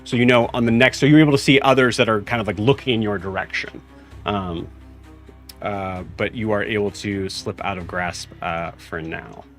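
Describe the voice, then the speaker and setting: A young man narrating as game master, halting and full of fillers as he describes the scene. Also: on the low side, faint music behind.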